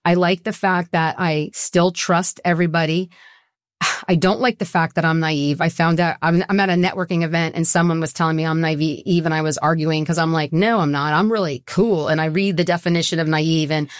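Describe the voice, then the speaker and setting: A woman's voice: sits low, steady tone, a little fast, dry recording, clean studio sound. A middle-aged woman talking as an interview guest, earnest and emotional, rambling with many restarts. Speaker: guest, co-founder of a women's support group. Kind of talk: conversational interview.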